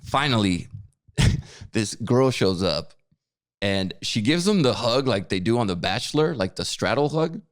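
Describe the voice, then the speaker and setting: A man's voice: on the low side, measured pace. A man co-hosting a podcast, telling a story in casual chat and acting out what others said, often repeating his words. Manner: animated storyteller, acts out quotes, repeats words. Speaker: podcast co-host.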